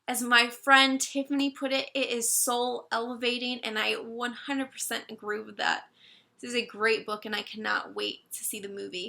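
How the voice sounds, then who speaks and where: A woman's voice: high-pitched, creaky, sharp tone. A woman chatting casually to her camera, gushing and a bit emotional as she reviews books. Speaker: book vlogger. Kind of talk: casual book review chat.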